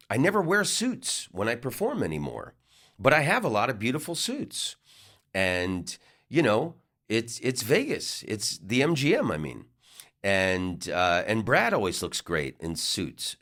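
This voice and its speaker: Middle-aged comedian guy rambling through a story, lowish voice, bouncy delivery. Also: a bit bright. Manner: rambling, with many restarts and fillers. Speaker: comedian and podcast host. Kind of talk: casual storytelling monologue.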